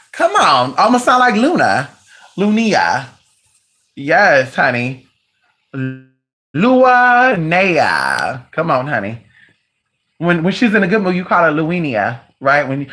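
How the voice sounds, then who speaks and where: Animated home streamer, mid pitch, voice jumps all over, calls everyone honey. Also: a little slow. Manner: talks to their dog between remarks. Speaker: live-stream host. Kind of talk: casual chat with viewers.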